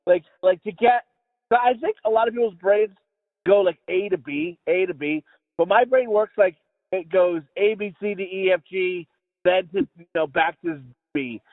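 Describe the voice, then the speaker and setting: A man's voice: high voice, moderate pace, no room sound, narrow, tinny audio. A man on a podcast, telling a casual comedic story in a rambling, profane way with many restarts. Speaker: podcast co-host.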